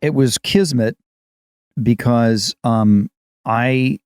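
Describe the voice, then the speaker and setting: A man in his fifties, an actor co-hosting a podcast, chatting casually as an animated storyteller. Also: mid-range voice, very slow, clean tone, no echo, studio quality. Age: 50s. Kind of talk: casual chat.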